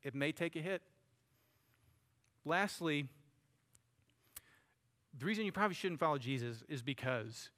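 A man's voice: on the high side, a bit bright. A man preaching a sermon, talking to the congregation in a conversational way and calling them buddy and friends. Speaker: pastor.

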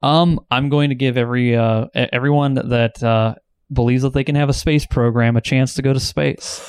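A man's voice: mid-range voice, steady tone, moderate pace, clear, resonant tone. A man in a casual podcast chat, laid back and giving short agreements.

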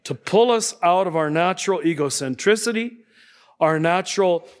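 A man's voice: high voice, normal speed. Chuckling man teaching spirituality. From United States. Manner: conversational, checks in with tag questions and soft chuckles. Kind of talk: spiritual talk to an audience.

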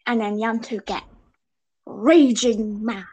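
A woman's voice: a little high, steady tone, slow pace, warm tone, breathy edge. A young woman chatting casually as a podcast co-host, rambling and giggly, stringing her thoughts together with "and then". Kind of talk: casual fan chat over a call.

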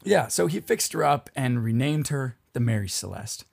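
A man's voice: medium pitch, sing-song, moderate pace, creaky, darkish tone. A man hosting a casual podcast, telling a history story and laughing often as he goes. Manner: laughs often while narrating.

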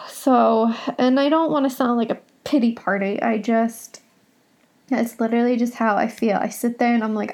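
Gravelly young woman, emotional podcast host. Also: fairly high pitch, steady tone, moderate pace, darkish tone. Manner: rambling, emotional and confessional. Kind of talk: solo podcast monologue. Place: home.

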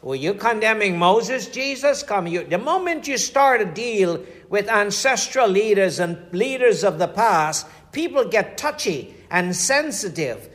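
Middle-aged male pastor, high-pitched, homespun preaching style. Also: big pitch swings, unhurried, few pauses, a bit bright. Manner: folksy storytelling with scripture quotes. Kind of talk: preaching a sermon.

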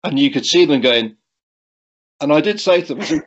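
A middle-aged man, a guest, recounts a cycling accident in a chatty, halting way, restarting often and chuckling frequently. His fairly high voice has lively intonation, captured on a dull lo-fi recording.

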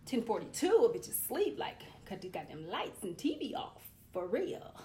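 Foul-mouthed animated woman in her forties. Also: sits high, moderate pace. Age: 40s. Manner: profane, blunt and animated, ranting with comic exasperation. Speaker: vlogger. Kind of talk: casual vlog monologue.

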